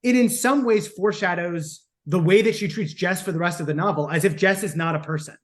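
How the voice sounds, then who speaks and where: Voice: medium pitch, a little fast. Dry funny podcast cohost chatting about a book. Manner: wry, dry humor. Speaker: podcast co-host. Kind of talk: casual book discussion.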